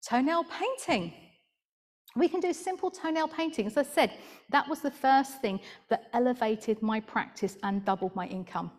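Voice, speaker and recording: A woman's voice: fairly high pitch, a little mellow. Chatty woman giving a talk. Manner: chatty, gossipy asides, laughs at own jokes. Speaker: podiatrist presenting at a conference. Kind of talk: conference talk with slides.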